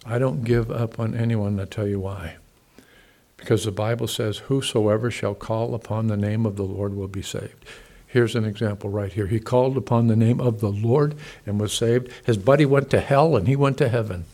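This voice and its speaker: A man's voice: fairly low pitch, fairly even intonation, moderate pace. Emphatic male preacher. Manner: emphatic, rising to loud peaks and dropping to soft asides; conversational, asks the congregation questions. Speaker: pastor. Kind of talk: sermon.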